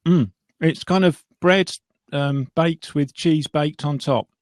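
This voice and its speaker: A man's voice: a little high, slow, a little mellow, no echo, clean studio sound. A man with an English accent, a guest on a casual livestream, polite and self-deprecating, chuckling often. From England.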